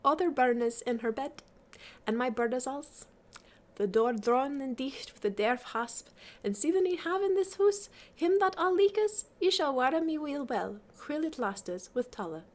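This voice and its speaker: A woman's voice: sits high, lively intonation, measured pace, voice pushed up. Woman reading as a flirtatious noble lady. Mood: teasing. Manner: playful, coaxing recitation in old verse.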